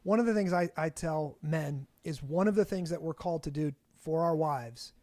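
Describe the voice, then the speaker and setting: Higher-voiced man, rambling casual chat. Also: normal speed, a little mellow, dry recording. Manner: rambling, many restarts and fillers, laughs often. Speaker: podcast co-host.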